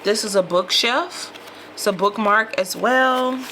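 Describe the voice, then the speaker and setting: Woman, vlogger, casual unboxing chat, slow delivery, talks to viewers as y'all, noisy room. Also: mid-range voice. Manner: chatty, addresses viewers as y'all. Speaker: lifestyle vlogger.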